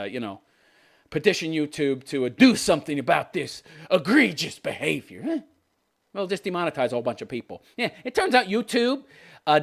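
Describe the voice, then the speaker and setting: Here a fifties-aged man hosts a podcast, his fairly high, somewhat bright voice carrying a sarcastic, scornful political rant. Laughter keeps interrupting his commentary.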